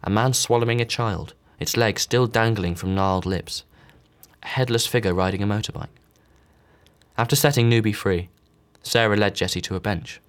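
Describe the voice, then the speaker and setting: A man reads a novel aloud in a low, steady voice. He gives each character only a slight change of voice. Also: moderate pace. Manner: reads all characters with small voice shifts. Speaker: audiobook narrator. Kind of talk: scripted narration.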